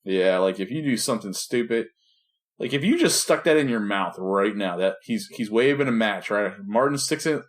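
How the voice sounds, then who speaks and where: A man's voice: on the low side, expressive, moderate pace. A man co-hosting a casual podcast over a call, rambling and joking, often trailing off mid-sentence. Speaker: podcast co-host. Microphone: remote video call.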